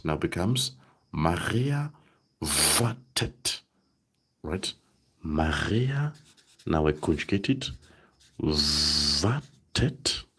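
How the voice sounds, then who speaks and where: A man teaching a live online German lesson, saying example sentences slowly and checking in with "right?" often. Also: sits low, slightly rough.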